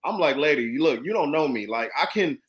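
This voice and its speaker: A man's voice: fairly high pitch, lively intonation, brisk. A man in a casual chat who speaks emphatically, often repeating his phrases and agreeing. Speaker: co-host who works with the company.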